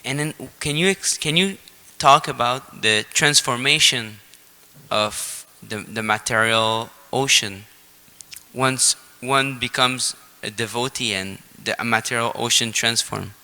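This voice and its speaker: A man from the audience asking a slow, halting question, away from the microphone in a temple hall. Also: medium pitch, pushed and bright. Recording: distant voice in a reverberant hall.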